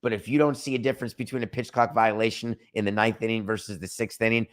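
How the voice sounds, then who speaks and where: A middle-aged man with a lowish voice delivers an opinionated sports commentary monologue as host of his show. He is sarcastic and emphatic, hammering his points home and mocking excuses. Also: steady tone, fast talker, hardly any pauses. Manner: sarcastic, emphatic, rants with mock quotes.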